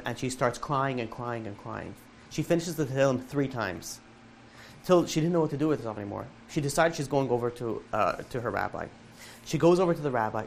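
A man of middle pitch tells a story at an event, lively and conversational, slipping into the characters' voices as he goes. A faint hiss of noise sits under his voice. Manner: animated storyteller, quick asides and acted-out dialogue. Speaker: rabbi telling an inspirational story. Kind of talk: live storytelling talk.

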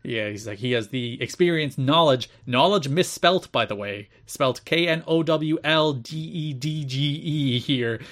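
A man's voice: fairly high pitch, unhurried, hardly any pauses, a bit bright. A man co-hosting a podcast, recapping old wrestling shows in casual chat with dry asides. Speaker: podcast co-host.

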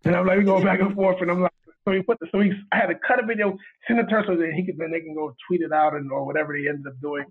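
An animated man tells a story, slipping into the voices of the people he quotes and laughing as he goes. His voice sits high and husky. It comes through a tinny, phone-like line. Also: very fast. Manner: animated, acts out quoted dialogue, laughs often. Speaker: guest cinematographer. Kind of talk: storytelling in casual chat.

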